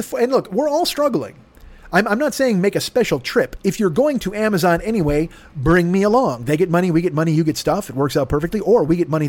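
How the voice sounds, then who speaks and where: A man in his fifties hosting his own podcast at home, voice hoarse from yelling, rambling with profane, self-mocking comic patter. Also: high voice. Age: 50s. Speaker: podcast host. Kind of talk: casual solo podcast monologue. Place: home room with air conditioner.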